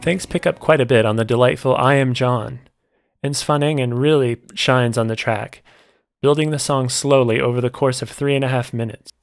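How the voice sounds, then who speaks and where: A man narrating a scripted music album review in a measured, descriptive way. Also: mid-range voice, steady tone, dry recording.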